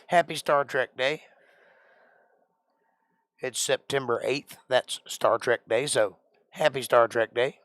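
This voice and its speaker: Smooth-voiced joking male stream host. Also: mid-range voice, slow, pauses often, a bit bright, no echo. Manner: joking, puts on an odd made-up accent. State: tired. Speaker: livestream host. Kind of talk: casual live-stream chat.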